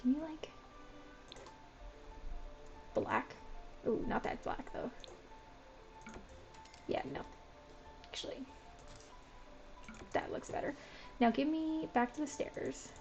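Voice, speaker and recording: A woman's voice: high-pitched, slow pace, long pauses, darkish tone, dull audio, faint music behind. A woman streaming a building game, chatting casually to herself with lots of "like" and a self-described Valley Girl way of talking. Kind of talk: casual gameplay commentary.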